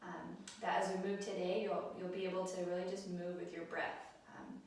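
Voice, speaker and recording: A woman leading a yoga class, speaking gently and encouragingly with frequent ums. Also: fairly low pitch, little pitch movement, normal speed. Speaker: yoga instructor. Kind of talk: guided yoga class instruction. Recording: roomy echo, mic set at a distance.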